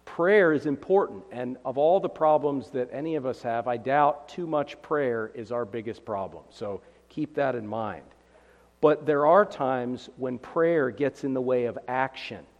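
An earnest man preaching through a passage verse by verse, pressing his points with emphasis. His voice sits at an ordinary middle pitch. A long reverb trails behind him, as if he were speaking in a large sanctuary. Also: unhurried, highs cut off. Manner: earnest, emphatic, reads scripture aloud with rising intensity. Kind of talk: expository sermon.

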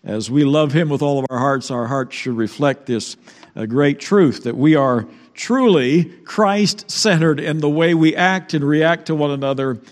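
A man pastor with a fairly high voice preaches a Sunday sermon in a conversational, unhurried way, dropping in fillers and repeated words. His voice carries a long, ringing church reverb. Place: church sanctuary.

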